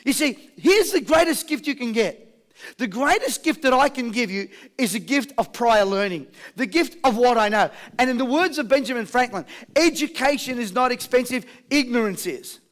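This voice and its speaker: A man with a very high voice runs a motivational seminar. He talks with constant energy, calls on the audience to answer and repeat after him, and drops jokey stories along the way. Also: moderate pace. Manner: energetic call-and-response with the crowd; jokey storytelling. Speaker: motivational speaker. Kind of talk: live seminar talk.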